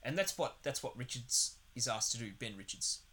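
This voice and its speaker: A man's voice: mid-range voice, expressive, moderate pace, pushed and bright. A man co-hosting a podcast, chatting casually and sarcastically about a film, swearing often and rambling. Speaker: podcast co-host. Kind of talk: casual film review chat.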